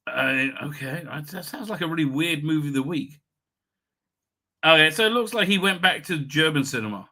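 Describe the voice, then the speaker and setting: A middle-aged man hosts a loose, unscripted live show and reads viewer comments aloud. His voice sits a little high with a very bright, cutting edge. He rambles from one tangent to the next and often breaks into laughter. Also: lively intonation. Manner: rambling, chatty, quick to laugh. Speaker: livestream host. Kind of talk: casual live chat, reading viewer comments.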